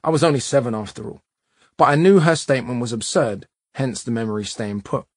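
A man reading a nonfiction audiobook in a measured, emphatic way. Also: medium pitch, no echo, studio quality. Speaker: audiobook narrator.

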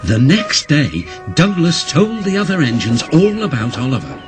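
Animated male storyteller over music. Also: a little high, moderate pace. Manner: animated, sing-song reading. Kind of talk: storybook narration.

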